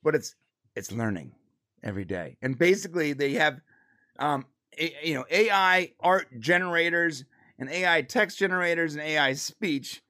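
Guy with a higher voice, animated casual chat, lots of restarts. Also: normal speed. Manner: animated, restarts a lot, laughs. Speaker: co-host of a live pop culture show.

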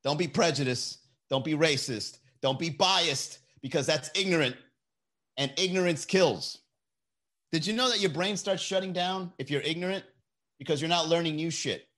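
Brief: male comedy podcast host, slightly high voice, loose and profane, desk mic. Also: moderate pace. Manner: profane, animated, laughs often. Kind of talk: casual comedy monologue on a livestream. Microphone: desk mic with mixer.

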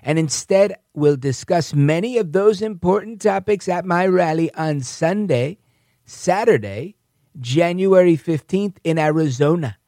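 A man's voice: a little high, a little slow, a little mellow, dry recording, studio quality, voice pushed up. A man doing a put-on impression of a boastful older male politician, emphatic and bombastic.

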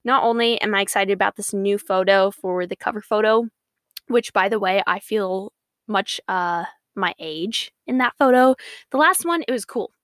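A woman's voice: medium pitch, normal speed, a bit bright, no room sound, studio quality. A young woman hosting her faith podcast, talking in a bubbly, earnest, rambling way. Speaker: podcast host. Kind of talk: casual Christian podcast monologue.

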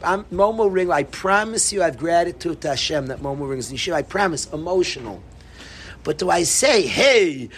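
A middle-aged man giving an animated Torah talk to students, repeating himself and bursting into emphatic calls. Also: sits high, a little hiss or hum. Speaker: yeshiva rabbi.

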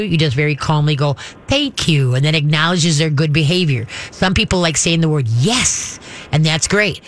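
A man with a fairly high voice hosts a call-in advice show as a dog trainer. He talks in a folksy, chatty way and often restarts his sentences. When he shows a command, he drops into a low, firm growl. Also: fairly bright tone.

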